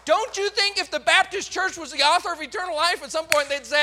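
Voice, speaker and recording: A man preaching a fervent, emphatic sermon as pastor, swinging between loud declarations and hushed asides. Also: very high voice, fairly quick, hardly any pauses.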